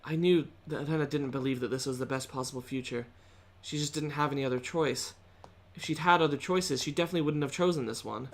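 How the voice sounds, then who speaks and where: A woman streamer reading a visual novel's narration aloud in a subdued, measured way. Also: rumbling low.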